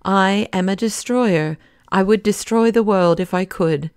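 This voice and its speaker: A woman's voice: mid-range voice, a little slow, a little mellow, clean tone, no room sound, clean studio sound, close to an everyday voice. Gregory, a woman reading a furious anarchist man. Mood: menacing. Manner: restrained, then fiercely accusing. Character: bitter, defiant male anarchist rebel. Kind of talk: audiobook character reading.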